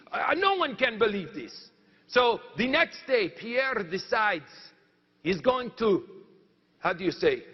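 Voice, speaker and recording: Man plays a bragging French woodcutter with a put-on French accent and a high voice. He pauses to hunt for words. Dull, echoing stage sound. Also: husky, heavily acted. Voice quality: halting, searching for words. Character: boastful French lumberjack man, storyteller. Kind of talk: comic monologue in character.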